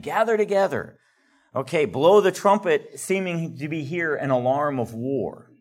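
In a classroom, an older man with a mid-range voice delivers an earnest Bible lecture. Whenever he reads a quote aloud, he gets more animated.

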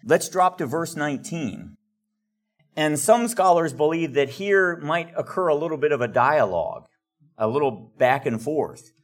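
An older man teaching a classroom Bible lecture in an earnest manner, growing animated when he reads quotes aloud. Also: on the high side, unhurried.

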